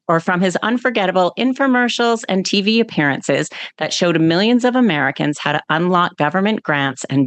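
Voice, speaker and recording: A woman's voice: fairly low pitch, no room sound. Canadian woman hosting a podcast. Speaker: podcast host. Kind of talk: podcast interview.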